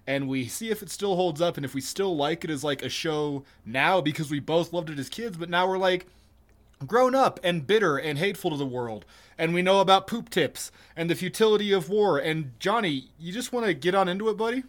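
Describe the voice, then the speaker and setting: A man's voice: a little high, lively intonation, a little fast. A man co-hosting a casual podcast, joking crudely and swearing freely. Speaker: podcast co-host. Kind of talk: casual chat.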